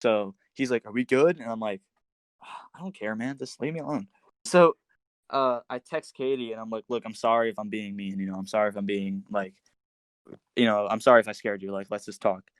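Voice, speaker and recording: Animated young man telling a story. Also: fairly low pitch, fairly quick, clean tone, no echo. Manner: animated, many fillers and restarts, quotes others in a raised voice. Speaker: podcast guest telling a story. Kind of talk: casual podcast storytelling.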